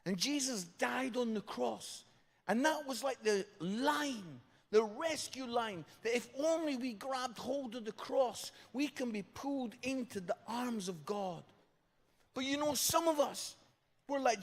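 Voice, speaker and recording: A man's voice: extremely high pitch, lively intonation, a little slow, vocal fry. A British man preaching an evangelistic sermon, telling a story and repeating phrases for emphasis. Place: large church hall. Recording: long hall reverb.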